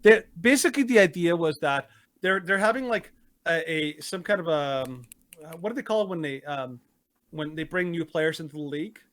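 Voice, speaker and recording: Man, podcast co-host, somewhat high voice, rambling emphatic chat, dry close sound. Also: animated, moderate pace, a bit bright, no room sound. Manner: rambling, searches for words, emphatic. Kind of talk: casual opinionated chat.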